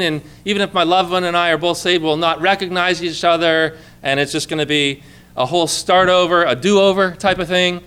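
Male pastor, sermon delivery; high, smooth, resonant voice; earnest, conversational. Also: pushed and bright. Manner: earnest, conversational preaching with rhetorical questions.

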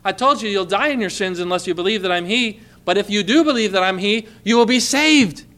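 A man's voice: high-pitched, quick pace, bright, forceful tone. A male pastor preaching a sermon, quoting scripture with mounting, emphatic fervor.

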